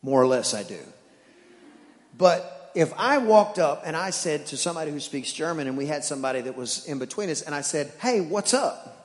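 A pastor speaks a little fast in a slightly high voice as he preaches, weaving in jokes and acting out his stories' dialogue. His words ring with the long reverb of the church sanctuary.

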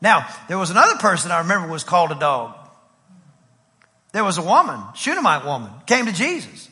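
A man's voice: high voice, big pitch swings, brisk, pushed and bright, in a large hall. A man, a pastor, preaching a sermon in a rhythmic style with repetition and acted-out stories. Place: church sanctuary.

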